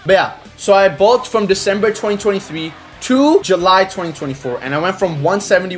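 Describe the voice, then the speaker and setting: A teenage man chatting casually over gameplay in a slangy, rambling way, with sudden excitable outbursts. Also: on the high side. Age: teens. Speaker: gaming creator.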